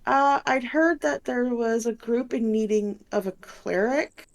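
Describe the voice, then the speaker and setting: A woman's voice: fairly high pitch, unhurried, creaky. A woman voicing a wary female ex-soldier cleric in a tabletop game, talking hesitantly with fillers. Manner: hesitant, cautious.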